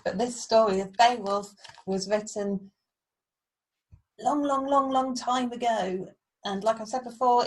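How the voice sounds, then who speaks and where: A woman's voice: medium pitch, a little mellow, rough recording. A woman primary school teacher, giving a friendly recorded lesson to children and explaining patiently with small fillers.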